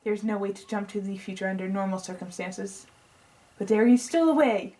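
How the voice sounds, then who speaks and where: On a rough recording, a woman reads the lines of a pompous, eccentric male scientist who lectures at length about his plan. Her voice is medium in pitch and dark in tone, close to how she normally talks, and fairly quick, and the accent she attempts for him keeps falling off.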